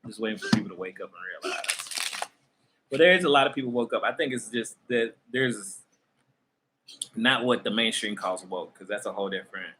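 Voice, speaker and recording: A man's voice: fairly low pitch, a little fast, background noise. A man hosting a tarot channel who talks to his viewers in a loose, conversational spiritual rant, often laughing. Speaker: tarot reader and channel host.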